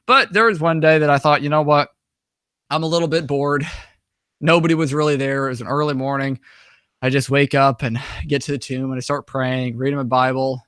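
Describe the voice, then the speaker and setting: A man's voice: medium pitch, fairly even intonation, a little fast, a bit bright, smooth, no echo, clean studio sound. A young man casually telling travel stories over slides, rambling with many restarts and fillers. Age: young adult. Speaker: guest, author and traveler.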